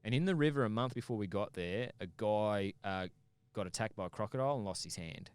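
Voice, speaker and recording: A man tells a story in a casual, animated way, swearing freely as he goes. His voice sits low and comes across smooth and resonant. The recording is dry and close. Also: brisk, no echo. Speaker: podcast guest.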